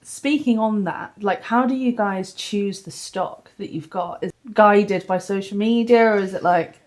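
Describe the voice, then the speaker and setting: A woman co-hosting a book podcast at home, telling stories in a lively way and acting out the voices of the people she quotes. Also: medium pitch, a little slow. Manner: lively storyteller who acts out quoted voices. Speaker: podcast co-host. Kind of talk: casual chat.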